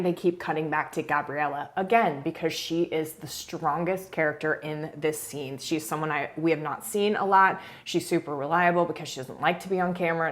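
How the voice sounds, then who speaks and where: A woman casually talking through a reality show scene, chatty and hedging, often restarting her sentences. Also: deep voice. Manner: chatty, hedging, frequent restarts and soft laughs. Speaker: reality TV commentator. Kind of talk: casual video commentary.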